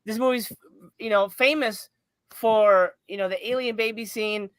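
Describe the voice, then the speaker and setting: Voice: medium pitch, fairly even intonation, unhurried, dry recording. A podcast host chatting casually in a movie review, rambling and swearing freely, laughing often.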